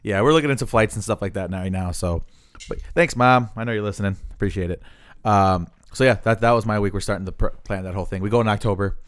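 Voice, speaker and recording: Male podcast host, low, smooth resonant voice, laid-back and chatty. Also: fast. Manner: relaxed, easygoing talk with fillers. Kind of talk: casual podcast chat.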